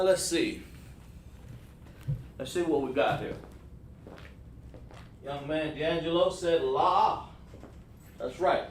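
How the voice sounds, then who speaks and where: A man with a fairly high-pitched voice teaches a livestreamed class against a noisy background. The room is echoey and he is far from the mic. Patient throughout, he praises his students and checks in with repeated "okay, all right."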